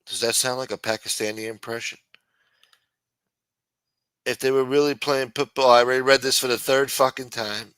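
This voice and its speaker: A man's voice: mid-range voice, steady tone, normal speed, long pauses, fairly bright tone, clean tone, no echo. A man on a late-night live stream, rambling in a profane, self-mocking way. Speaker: show regular. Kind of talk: casual live-stream chat.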